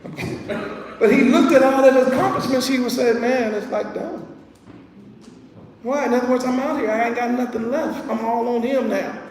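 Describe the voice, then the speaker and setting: High-voiced preacher man in an echoing hall. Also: fast talker, a crowd in the background. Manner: animated, swings from soft asides to shouted peaks; streetwise, joking. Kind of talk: sermon. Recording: echoey hall from far off.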